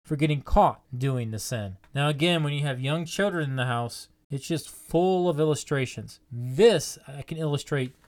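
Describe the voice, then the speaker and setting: A man delivers a sermon in a fairly high voice. He presses his listeners with earnest, repeated questions and leans hard on the key points. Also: moderate pace, few pauses, a little mellow. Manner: earnest, repetitive rhetorical questions. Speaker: preacher.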